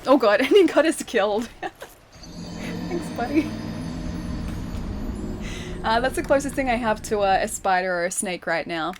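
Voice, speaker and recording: Chatty Australian woman streamer. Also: a little high. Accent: Australian, city, pronounces final R's. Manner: chatty, reads chat aloud, giggly. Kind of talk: casual livestream chat while gaming.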